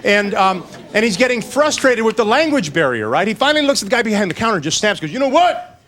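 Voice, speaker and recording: A man performing a stand-up comedy routine, joking in a quick storytelling way and briefly putting on voices for the people in his stories. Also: high voice, big pitch swings, a bit bright.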